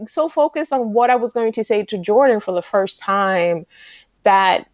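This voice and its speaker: A woman in her forties, a podcast host telling stories in a rambling, excitable way, full of restarts. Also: medium pitch, normal speed, no room sound, lo-fi sound. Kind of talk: casual chat.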